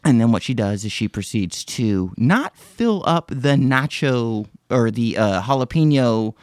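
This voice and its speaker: A man's voice: medium pitch, animated, a little slow, darkish tone, dry recording, clean studio sound. A man casually telling a story on a podcast, rambling and profane, with many restarts and fillers. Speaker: podcast host.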